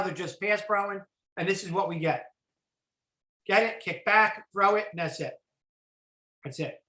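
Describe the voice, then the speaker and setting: A middle-aged football coach with a New Jersey accent, breaking down plays in a clinic talk, animated and blunt, swearing casually. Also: male voice, high voice, roomy sound, poor audio. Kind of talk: clinic talk over game film.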